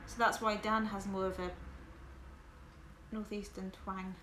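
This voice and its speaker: A woman's voice: mid-range voice, flat delivery, unhurried, a bit bright. A woman from West Yorkshire with a Southern English accent, casually chatting with viewers on her livestream, candid and full of fillers. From West Yorkshire, England. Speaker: livestream host. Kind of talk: casual chat with stream viewers. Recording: echoey room with background noise.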